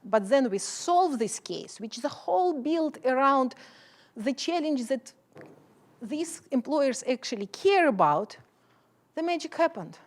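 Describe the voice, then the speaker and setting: A middle-aged woman, a professor giving a keynote speech, talking passionately in English with an accent and non-native phrasing. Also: a little high.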